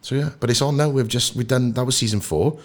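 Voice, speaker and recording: A young Welsh man chatting as a podcast guest, telling stories in an animated way and acting out the voices of people he quotes. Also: medium pitch, fast. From Wales. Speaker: guest actor. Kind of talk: casual podcast storytelling.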